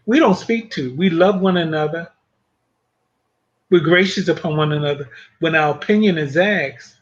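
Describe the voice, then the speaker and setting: A man on a Christian panel, sharing reflections on faith in a thoughtful, measured way. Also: fairly high pitch, a bit bright. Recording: muffled lo-fi audio.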